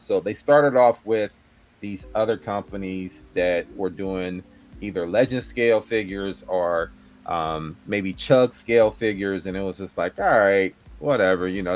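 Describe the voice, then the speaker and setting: A man from the Midwest hosting a casual panel chat, telling stories with gasps and acted-out reactions. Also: low-pitched. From American Midwest. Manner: animated storyteller, acts out gasps and reactions. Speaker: podcast host.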